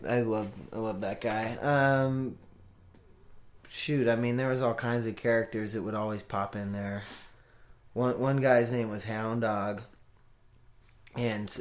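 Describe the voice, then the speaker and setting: A man's voice: medium pitch, fairly even intonation, takes it slowly, echoey room. Hesitant man in casual chat. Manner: hesitant, frequent restarts, laughs easily. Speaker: guest.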